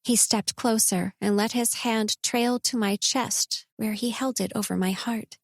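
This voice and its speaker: Slow, higher-pitched woman narrating. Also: steady tone, vocal fry, no echo, clean studio sound. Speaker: audiobook narrator. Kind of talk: first-person romance narration.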